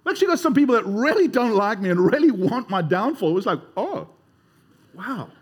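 Animated high-voiced male preacher. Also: a little fast, breathy edge. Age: 30s or older. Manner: animated, conversational, leads congregation in responses. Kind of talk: sermon.

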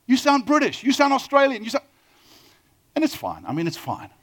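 A middle-aged man with a South African accent, preaching a sermon with lively storytelling and questions to the audience. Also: very high voice, brisk. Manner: animated storytelling, asks the audience questions, acts out quoted dialogue. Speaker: pastor.

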